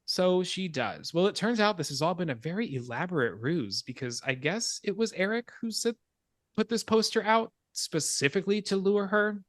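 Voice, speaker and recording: A man hosting a podcast, recapping a horror film in casual, animated talk, swearing and laughing at himself. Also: sits high, moderate pace, no room sound, clean studio sound. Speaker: podcast host.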